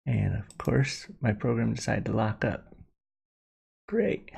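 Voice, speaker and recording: A man's voice: fairly low pitch, fairly even intonation, normal speed, vocal fry, darkish tone, slightly rough. A man hosting a casual livestream, rambling and apologetic, with many fillers and restarts. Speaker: livestream host.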